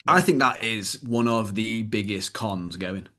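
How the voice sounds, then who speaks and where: A British man co-hosting a casual fitness podcast, blunt and animated, swearing freely as he tells stories. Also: on the low side, a little slow. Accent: British English. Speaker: podcast co-host, fitness coach.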